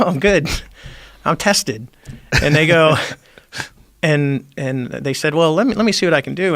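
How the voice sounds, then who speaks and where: Gravelly man telling a story. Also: medium pitch, no echo. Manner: animated, acts out quoted dialogue. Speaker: podcast guest, former Navy squadron commander. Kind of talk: conversational storytelling. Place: podcast studio.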